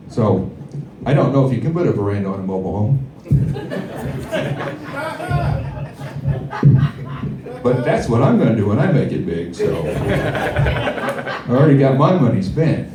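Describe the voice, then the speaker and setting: A man doing a stand-up set at a comedy club, with a rambling, deadpan delivery full of fillers. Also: mid-range voice, unhurried, pauses often, slight background noise. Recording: echoey club, heard from far off.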